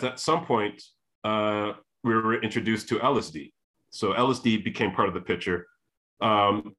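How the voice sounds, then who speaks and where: Animated storytelling man, lowish voice. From Canada. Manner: animated, repeats and restarts, acts out quoted voices. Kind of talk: storytelling monologue.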